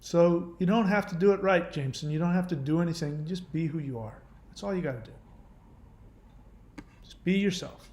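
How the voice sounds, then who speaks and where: Gentle man with a higher voice. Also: normal speed, roomy sound. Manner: gentle, reassuring, speaks directly to the viewer. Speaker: channel host answering viewer questions. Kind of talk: casual advice talk.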